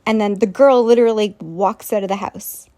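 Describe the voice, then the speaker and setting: A woman's voice: mid-range voice, fairly even intonation, moderate pace, dark tone. A woman vlogger telling a long, rambling story straight to her viewers, sounding incredulous and scornful and often turning to ask them questions. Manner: rambling, incredulous, scornful, addresses the listener directly.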